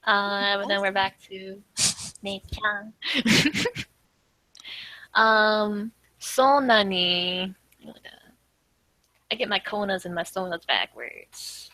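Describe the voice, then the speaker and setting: A woman's voice: medium pitch, fairly even intonation, very slow, long pauses, sharp tone, no room sound, poor audio. A woman teaching a language casually, explaining with easy chatter and frequent laughs. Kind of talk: casual tutoring.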